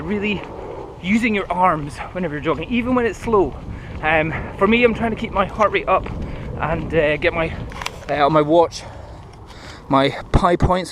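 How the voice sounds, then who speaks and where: High-pitched and a little out of breath, a man in his thirties rambles casually while jogging outdoors on paths near a city, filming himself for his running vlog. Traffic and aircraft noise fill the recording.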